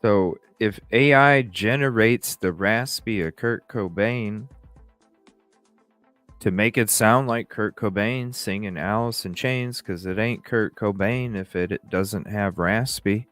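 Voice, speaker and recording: Male stream host, deep voice, close dry sound, loose chatty rambling delivery. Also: takes it slowly, fairly bright tone, no echo, faint music behind. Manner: rambling, many fillers and restarts; reads out and greets chat viewers. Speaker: livestream host. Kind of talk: casual livestream chat.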